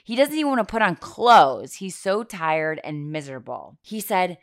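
A woman's voice: fairly low pitch, big pitch swings, normal speed, hardly any pauses, dry recording, studio quality. A woman in her thirties hosting a podcast in casual chat, chatty and self-deprecating, swearing casually. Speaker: podcast host.

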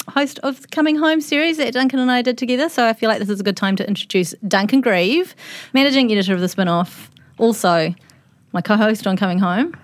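A woman's voice: medium pitch, dry recording. Bubbly woman hosting a podcast. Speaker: podcast host. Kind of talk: casual group podcast chat. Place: studio with several guests.

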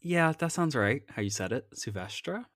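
A woman's voice: extremely low pitch, animated, moderate pace, no room sound, clean studio sound. A woman co-hosting a podcast in casual chat, reacting with wry jokes. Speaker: podcast co-host and listener.

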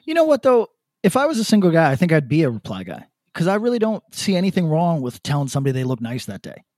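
Man, podcast co-host, animated, profane, casual chat, slightly high, dry sound. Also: quick pace, dry recording. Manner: animated, profane, laughs often.

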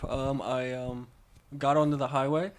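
A man's voice: mid-range voice, level tone, moderate pace, a little hiss or hum. A young man chatting casually on a podcast, laid-back, swearing a lot and laughing often. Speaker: podcast co-host. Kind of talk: casual chat.

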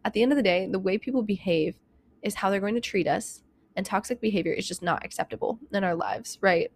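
A young woman hosting a self-help podcast, talking fast and candidly with lots of "like" and "you know", a bit out of breath. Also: mid-range voice. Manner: rapid, chatty, heavy use of "like" and "you know", candid and emphatic. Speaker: podcast host.

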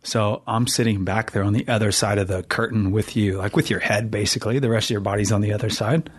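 A man recounting a personal story in a relaxed, earnest way, chatting casually with his partner. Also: on the low side, fast talker, breathy edge. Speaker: new father, co-host.

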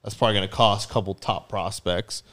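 A man's voice: fairly low pitch, fairly even intonation, quick pace, a bit bright. A man co-hosting a casual sports podcast, joking, swearing and steering the questions. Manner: profane, joking, steers the segment. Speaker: podcast co-host.

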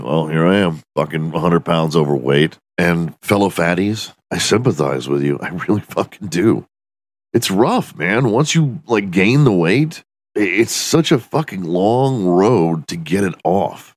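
A man's voice: low voice, animated, normal speed, no echo, clean studio sound. A man hosting a podcast alone in his room, delivering a profane, self-mocking comedic rant. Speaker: podcast host.

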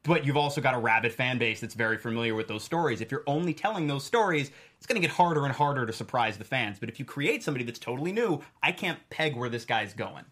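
A man's voice: mid-range voice, lively intonation, fast talker, few pauses, a bit bright. A man co-hosting a fan after-show, enthusiastically explaining comic book background. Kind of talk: casual chat.

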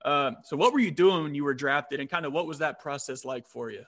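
Bright-voiced male interview host. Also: on the high side, brisk. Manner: relaxed, short encouraging reactions. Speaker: podcast host. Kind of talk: casual interview.

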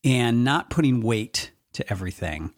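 Lively storytelling man. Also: mid-range voice, normal speed. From Eastern Washington, US. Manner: animated storyteller, swears freely. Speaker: podcast co-host. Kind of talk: casual chat.

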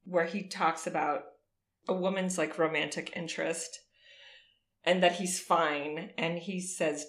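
Bright-voiced woman co-host, teary. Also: lowish voice, steady tone, unhurried, reverberant. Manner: emotional, tearful, laughing through sobs. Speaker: podcast co-host. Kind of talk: casual chat.

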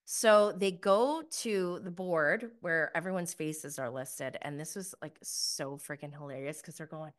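A woman's voice: lowish voice, measured pace, hardly any pauses. A woman giving a casual recap review of a TV episode, gushing, giggly and exasperated by turns. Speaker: TV show reviewer.

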